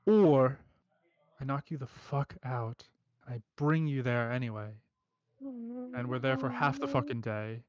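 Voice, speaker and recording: A man's voice: mid-range voice, measured pace, no room sound, lo-fi sound, natural voice. Man doing an Australian thug who keeps saying mate. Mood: menacing. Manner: calm threats, repeats "mate". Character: menacing male debt collector, a warlock.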